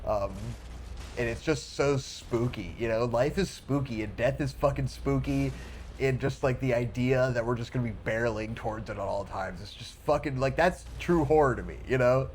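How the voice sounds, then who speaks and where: A man co-hosting a casual movie chat podcast, talking in an anxious, reflective way, swearing and laughing softly between thoughts. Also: mid-range voice, moderate pace, a little hiss or hum. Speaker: podcast co-host.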